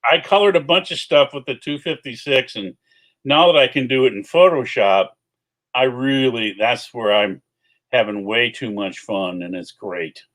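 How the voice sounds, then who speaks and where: A man chatting as a guest artist, animated and self-deprecating in casual conversation. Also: mid-range voice, moderate pace. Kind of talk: casual chat.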